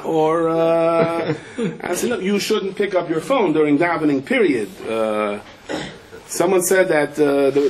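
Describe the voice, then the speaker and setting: A middle-aged rabbi's voice is a little mellow as he tells anecdotes in a humorous sermon, using Yiddish and Hebrew words and jumping up in pitch for quotes. The recording is rough, with slight background noise.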